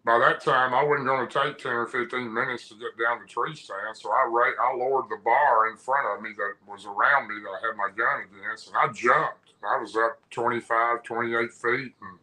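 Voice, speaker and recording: A man tells a personal story in a casual, rambling way. His voice is strikingly bright and ringing, and his pitch sits in a medium range. He restarts his sentences often and speaks in a folksy tone. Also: low-quality recording. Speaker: guest recounting an encounter.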